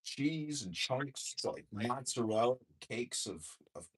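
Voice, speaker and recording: A man's voice: medium pitch, lively intonation, slow pace. A man hosting a crude, casual political chat in an online voice room, blunt and profane, given to rants. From Chicago area, US. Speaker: podcast host and mayoral candidate.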